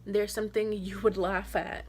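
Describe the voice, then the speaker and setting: A young woman vlogging a casual story time, animated and slangy, acting out the dialogue as she goes. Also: mid-range voice, moderate pace, breathy edge.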